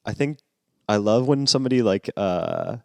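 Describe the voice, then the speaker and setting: A young man co-hosting a podcast, telling wry, deadpan stories in casual banter. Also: on the low side, moderate pace, vocal fry, no room sound. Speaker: podcast co-host.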